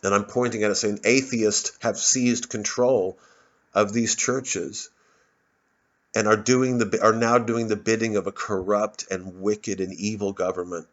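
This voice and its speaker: His phone propped on a bottle, a man smokes a cigarette outdoors and rants at the camera, cursing angrily and stuttering over repeated words. His voice is lowish, steady and a little slow, and the recording is muffled.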